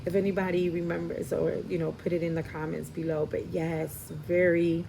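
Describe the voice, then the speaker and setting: A Puerto Rican woman from the New York and Philadelphia area, a Spanish heritage speaker, reads tarot cards in a casual spiritual way, thinking out loud with lots of fillers and frequent "right?" checks. Her voice sits on the low side with little pitch movement, normal speed, and vocal fry. The background is noisy.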